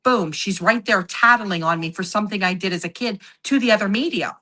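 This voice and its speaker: Bright-voiced woman telling a story. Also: mid-range voice, brisk. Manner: acts out quoted voices, laughs while telling. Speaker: psychic medium guest. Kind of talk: animated storytelling in casual chat.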